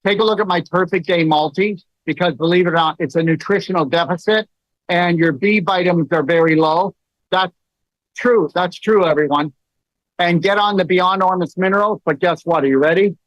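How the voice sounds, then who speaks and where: A middle-aged man hosting a casual talk, telling stories with many fillers and animated asides. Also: sits high, moderate pace, no room sound. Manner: storytelling, many fillers, rising into animated quoted lines. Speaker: host. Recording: dull, dry lo-fi sound.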